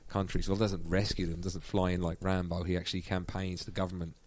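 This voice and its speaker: A man's voice: low-pitched, level tone, a little fast. A man from Ireland with an Irish accent, a guest musician telling a story in casual chat and laughing often.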